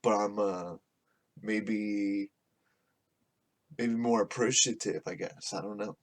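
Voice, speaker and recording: A man's voice: on the low side, fairly even intonation, takes it slowly. A man hosting a podcast, rambling casually and swearing a lot, with frequent laughs. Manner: profane, rambling, laughs often. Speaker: podcast host. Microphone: podcast microphone.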